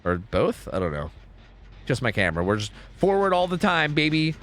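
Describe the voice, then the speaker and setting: Animated young man streaming a game. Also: fairly high pitch, moderate pace. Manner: animated, profane, thinks out loud. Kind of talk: casual live-stream gameplay commentary.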